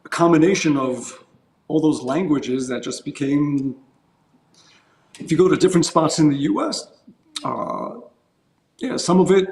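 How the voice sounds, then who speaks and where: A man speaks as a guest on a casual podcast, his voice sitting slightly high. He rambles through explanations and chuckles now and then. The room around him echoes noticeably. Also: a little mellow. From United States. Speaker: guest musician.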